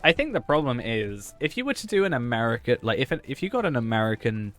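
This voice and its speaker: Fast-talking and sing-song, this gamer has a medium-pitched, slightly bright voice. As he plays, he cracks jokes and keeps up a chatty back-and-forth with chat, over faint background music.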